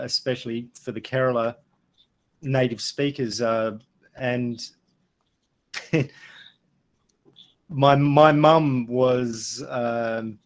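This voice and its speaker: Adelaide-accented Australian man, chatty. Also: mid-range voice. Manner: relaxed, anecdotal, with frequent fillers. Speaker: guest speaker. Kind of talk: casual webinar talk. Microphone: video call.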